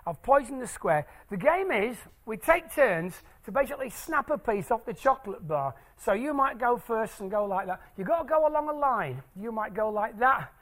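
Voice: mid-range voice, big pitch swings, moderate pace, few pauses, fairly bright tone. A stage presenter doing maths tricks live for an audience in a hall, playful and jokey as they draw the crowd in.

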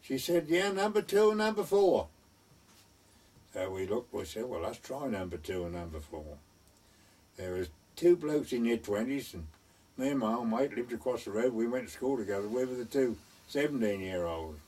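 Older man, husky and off-mic. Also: on the low side, normal speed, mellow, distant mic. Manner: chuckling, acts out quoted voices. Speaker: oral history storyteller. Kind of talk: reminiscing anecdote.

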